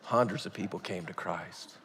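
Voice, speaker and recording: A male pastor preaching a sermon in a folksy storytelling way, swinging from hushed asides to loud outbursts. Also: deep voice, moderate pace, slight background noise. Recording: long reverb of a large hall.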